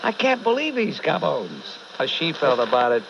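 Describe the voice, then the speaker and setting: On the high side and gravelly, this man's fairly bright voice swings hugely in pitch at normal speed. He's a New York-accented talk radio host, bluntly and sarcastically berating callers and cutting them off, over a dull, faintly hissing AM broadcast.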